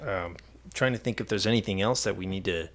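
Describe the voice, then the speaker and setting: Laid back guy hosting, lowish voice, just agreeing along. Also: brisk, fairly bright tone. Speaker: podcast host. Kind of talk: casual interview talk.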